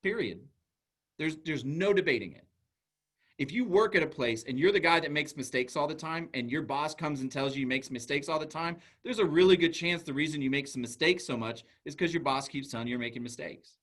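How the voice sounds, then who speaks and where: A man giving a talk as a school psychologist, telling a classroom story in an earnest way with halting restarts. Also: on the high side, fairly bright tone. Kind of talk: storytelling presentation.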